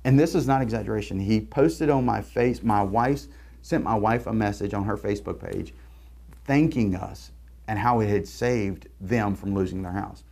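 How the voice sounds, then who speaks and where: A man's voice: fairly low pitch, moderate pace, gravelly, dark tone. A man telling a heartfelt story about hiring while promoting his recruiting firm. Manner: earnest, storytelling, repeats words. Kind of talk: promotional talk to camera.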